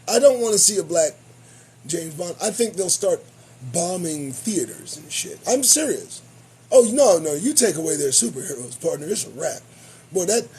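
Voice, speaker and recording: A man hosting his own show, giving profane, sarcastic commentary on the news. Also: high-pitched. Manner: animated, swearing, sarcastic. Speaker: show host.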